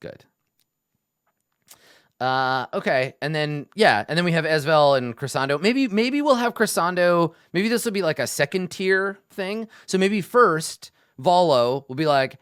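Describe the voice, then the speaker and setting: A man's voice: a little high, expressive, a little slow, fairly bright tone, smooth, no room sound, studio quality. A man talking as game master, planning a tabletop adventure aloud, thinking things through with restarts. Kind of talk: casual session prep talk.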